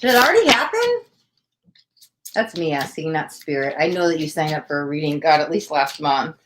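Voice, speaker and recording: A woman's voice: low voice, sing-song, fairly quick, noisy background. A woman from the United States hosting a livestream tarot reading, gushing with thanks and chatting casually with lots of "like" and "oh my God.".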